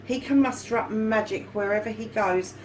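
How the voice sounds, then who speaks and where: A woman's voice: a little high, moderate pace, slight background noise, rough recording. A woman giving a casual tarot reading, chatty and fond, calling her viewers darlings and lovelies and swearing now and then. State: hot and yawning. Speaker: tarot reader.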